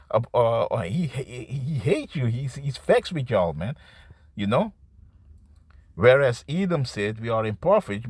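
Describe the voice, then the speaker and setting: A man preaching an improvised scripture sermon to camera. He talks in a halting, repetitive way, restarting words and tagging lines with "man" and "you see.". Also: sits low, a little mellow, no echo. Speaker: street-style preacher.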